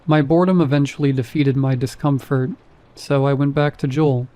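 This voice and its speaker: Male horror narrator, mellow low-key timbre, deadpan wit. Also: normal speed. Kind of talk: scripted first-person horror narration.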